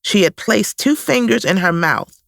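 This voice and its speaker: A woman reading her own memoir aloud in a slow, reflective first-person style, close to the mic. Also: medium pitch, animated, creaky, no room sound. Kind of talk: audiobook memoir narration.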